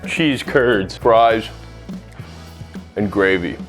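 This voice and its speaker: A man's voice: fairly low pitch, lively intonation, extremely slow. A young American man hosting a casual cooking vlog, joking and swearing as he rambles over faint music. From United States. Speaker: cooking channel host.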